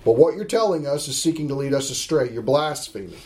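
A middle-aged man teaching a Bible class, emphatic and slowing down to stress scripture as he asks the class questions. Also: medium pitch, expressive, a little mellow.

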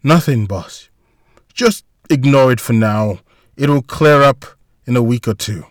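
A man's voice: medium pitch, unhurried, dry recording, studio quality, lightly acted. A man voicing a cheerful, foul-mouthed male bodyguard who tends a wounded woman, talking in a casual, profane, joking way. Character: gruff cursing male bodyguard, cheerful caretaker.

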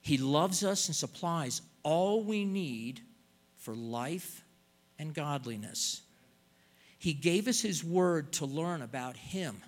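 A man's voice: on the high side, animated, takes it slowly. An older man preaching a sermon in an earnest way, stretching out words and pleading as he stresses points.

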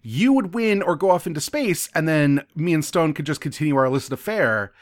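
A man's voice: fairly high pitch, animated, a little fast, no echo, close to an everyday voice. A man doing a cold, calculating alien woman. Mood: smug. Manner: matter-of-fact, rambling, unsure of details.

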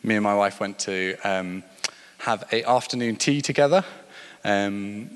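A man's voice: lowish voice, measured pace, clean tone. Guy giving a sermon, storytelling, rises and drops for emphasis, long echo like a big hall. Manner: storytelling, rising and falling with emphasis. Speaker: preacher.

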